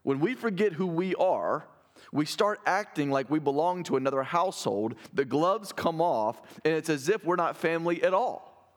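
Lively conversational male preacher. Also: a little high, moderate pace. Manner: conversational preaching with rhetorical questions. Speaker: pastor. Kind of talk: sermon.

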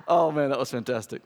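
A man pastor giving a sermon in a church, casual and joking with the congregation. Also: medium pitch. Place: church sanctuary. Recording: hall reverb.

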